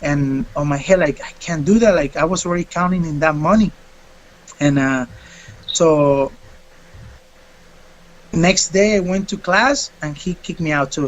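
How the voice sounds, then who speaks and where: High-voiced man telling an animated story. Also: a little slow, long pauses, highs cut off. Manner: animated, acts out quotes. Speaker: fighter interviewed. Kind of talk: casual storytelling.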